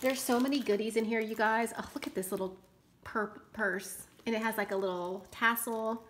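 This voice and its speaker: A woman craft vlogger opening gifts in an unboxing vlog, gushing and excitable, often squealing and gasping. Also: a little high, moderate pace, a little hiss or hum.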